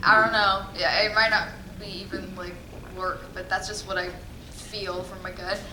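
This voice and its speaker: A woman's voice: medium pitch, level tone, moderate pace, over music. A woman on a convention panel, chatting casually, giggly and a little unsure as she thinks aloud. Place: large convention panel room. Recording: echoey hall with a crowd behind.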